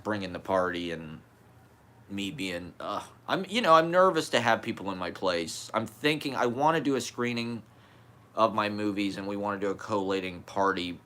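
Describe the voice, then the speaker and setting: A man's voice: fairly low pitch, animated, normal speed, sharp tone. A man with a slight lisp, talking candidly in a rambling personal monologue, swearing and laughing as he goes.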